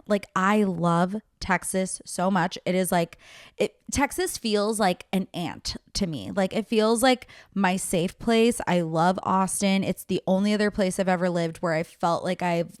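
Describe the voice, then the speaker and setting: A woman's voice: medium pitch, clear, resonant tone, dry recording, studio quality. A woman in her thirties hosting a podcast alone, chatting casually with lots of filler words and swearing, self-deprecating. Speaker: podcast host. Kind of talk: casual solo chat.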